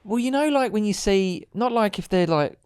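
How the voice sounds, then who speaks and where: Lively, rambling man co-host. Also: high-pitched, moderate pace, clear, resonant tone, dry recording, clean studio sound. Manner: chatty, rambling, swears freely. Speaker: podcast co-host. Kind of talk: casual chat.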